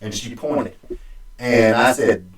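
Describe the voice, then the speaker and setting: A man's voice: medium pitch, fairly even intonation. A man spins a long story in a casual, rambling way. He stops and restarts often, and his voice rings around a roomy space, heard from some way off the mic. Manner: rambling, halting, with many restarts and fillers. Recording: echoey room, distant mic.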